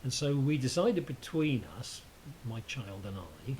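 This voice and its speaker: A man's voice: medium pitch, sing-song, measured pace, a little mellow, rough recording. A man telling a story in a casual chat, hesitant with many ums and a dry teasing humour, over a faint hiss.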